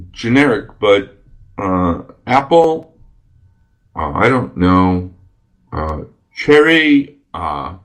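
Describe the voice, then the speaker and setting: A man hosting a radio podcast, chatting casually and enthusiastically, rambling with many fillers. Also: medium pitch. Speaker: radio host. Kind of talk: casual solo podcast talk.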